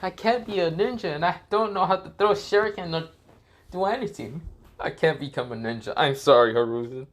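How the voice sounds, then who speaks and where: A man's voice: a little high, brisk, pitched above the performer's own voice, close to an everyday voice. A man voicing a brash, carefree teenage boy ninja who talks in a loose, offhand way. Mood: apologetic.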